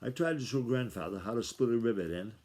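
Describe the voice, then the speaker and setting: A father reading a chapter of a novel aloud in a steady, plain storytelling manner. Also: medium pitch, fast.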